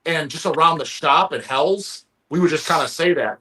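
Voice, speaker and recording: A man's voice: on the high side, moderate pace, bright, forceful tone, slightly rough. A man hosting a casual live-stream chat, rambling and profane, often stumbling over restarts. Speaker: stream host.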